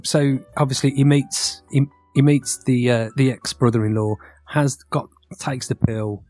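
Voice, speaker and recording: Husky man, rambling podcast co-host. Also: medium pitch, moderate pace, few pauses, darkish tone, soft background music. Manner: rambling, self-correcting, leads the questions. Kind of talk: casual film and book discussion.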